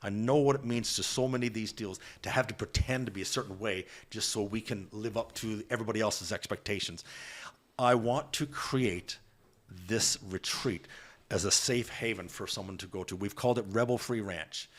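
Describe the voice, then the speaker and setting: A man's voice: lowish voice, moderate pace. A man talking earnestly and emphatically as a podcast guest, with frequent restarts. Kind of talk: candid podcast conversation.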